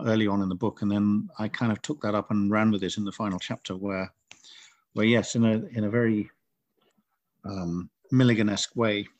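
A man's voice: on the low side, dry recording. Middle aged guy, author, rambling and thoughtful, dry close sound. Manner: thoughtful, rambling with frequent restarts. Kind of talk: casual interview chat.

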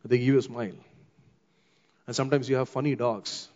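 Indian guy preaching, stretches words out for effect, muffled with big hall echo. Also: mid-range voice. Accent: Indian English. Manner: expressive, slows down for emphasis, acts out quoted voices. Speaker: pastor. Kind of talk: sermon. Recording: long hall reverb, dull muffled sound.

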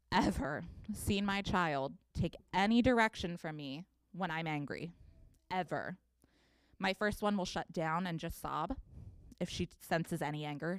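A woman pastor in her thirties preaching a sermon, telling a scripture story with expressive reading. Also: fairly low pitch, dry recording, clean studio sound.

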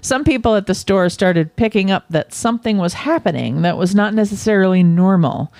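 A woman's voice: medium pitch, expressive, fairly quick, a little mellow, no room sound. Giggly woman podcast co-host, dry sound. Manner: giggly, laughs through her reading of news. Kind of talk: casual podcast chat.

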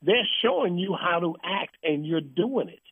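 A man's voice: high-pitched, lively intonation, moderate pace, husky, no echo. Blunt ranting man on a tinny line. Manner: blunt, heated ranting with mocking put-on quotes. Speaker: talk show host. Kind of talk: uncensored call-in radio talk. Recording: phone-line sound.

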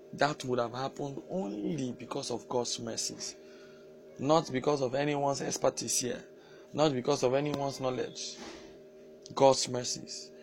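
A man's voice: medium pitch, creaky, slight background noise. A male pastor and counselor preaching a sermon emphatically, repeating key phrases and using fillers as he goes.

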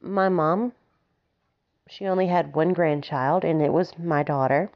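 On a slightly dull lo-fi recording, a female podcast host from Alabama, United States, talks in a low, unhurried voice with a faint Southern accent. Her casual monologue is full of giggles, free swearing and self-mockery.

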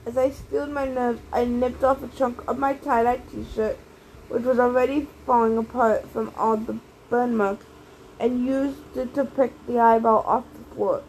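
Woman reading an audiobook, high voice, faint hiss. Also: steady tone, normal speed, a little mellow, poor audio. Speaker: audiobook reader. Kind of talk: audiobook narration.

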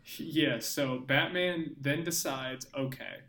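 A man's voice: fairly high pitch, moderate pace, fairly bright tone. A young man co-hosting a podcast in casual chat, sarcastically retelling scenes. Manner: sarcastic, mocking retellings with frequent laughing. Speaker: podcast co-host. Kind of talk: casual movie-review chat.

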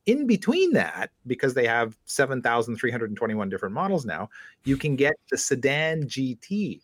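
A man co-hosting a casual podcast, explaining a point with examples in an animated way. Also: medium pitch, moderate pace, husky, no echo. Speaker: podcast co-host.

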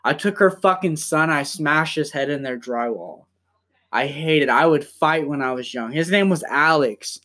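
A young man hosting a casual podcast from home, rambling and swearing as he talks in quick bursts. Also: on the high side, fairly bright tone. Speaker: podcast host.

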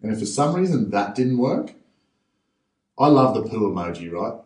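An Australian man telling stories as a guest in a casual interview, animated and acting out other people's voices. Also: medium pitch, moderate pace. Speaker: podcast guest, freediver. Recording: roomy echo, distant from mic.

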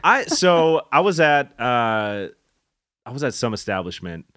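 A goofy man rambles through casual podcast chat, laughing often between his tangents. His voice swings widely in pitch. The mic is close and dry. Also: very animated, a little slow, fairly bright tone, no echo. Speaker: podcast co-host.

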